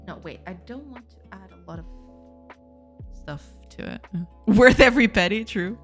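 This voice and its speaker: Faint music plays behind a woman with an animated, mid-range voice speaking at a moderate pace. She's streaming game development live, chatting loosely with her audience, laughing a lot, and poking fun at herself through repetition.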